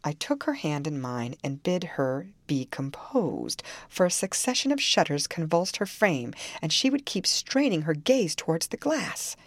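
A woman narrating a classic novel in a measured, calm storytelling manner. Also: low voice, dry recording. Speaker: audiobook narrator.

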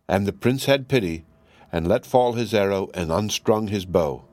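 Low-voiced man reading a fairy tale. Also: animated, moderate pace, darkish tone, no echo. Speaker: narrator. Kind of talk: storybook reading.

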